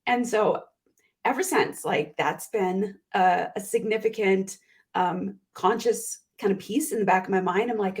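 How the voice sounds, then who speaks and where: A woman guest on an interview show, a performance coach telling heartfelt stories in an animated way and often clearing her throat. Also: mid-range voice, moderate pace. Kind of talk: conversational interview.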